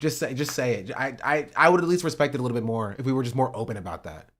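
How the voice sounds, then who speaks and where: A man ranting on a livestream about politics. He swears, says "bro" and repeats himself, swinging between loud outbursts and muttering. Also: mid-range voice, lively intonation, very fast. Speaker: streamer. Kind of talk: heated political rant on a livestream.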